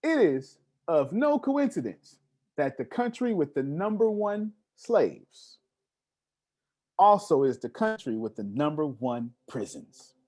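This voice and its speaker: A man speaks at a live seminar with a lively, swinging pitch. He hammers points home by repeating words and keeps asking his small audience whether they follow. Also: takes it slowly. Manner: emphatic, preacher-like repetition and questions to the audience. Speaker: motivational speaker.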